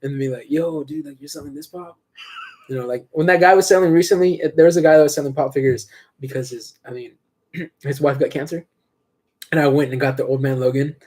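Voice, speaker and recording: A young man co-hosting a podcast, telling stories in a slangy, animated way. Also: fairly high pitch. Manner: fast, slangy, animated storyteller. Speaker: podcast co-host. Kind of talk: casual chat, storytelling.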